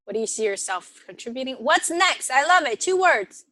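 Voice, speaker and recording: A woman presenter runs an online workshop in a conversational way, reading suggestions aloud and affirming each one. Her voice sits a little high. It is recorded dry and close, with no room sound. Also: lively intonation, moderate pace, a bit bright, no echo. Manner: reads participants' suggestions aloud and affirms them; conversational, with frequent fillers and restarts.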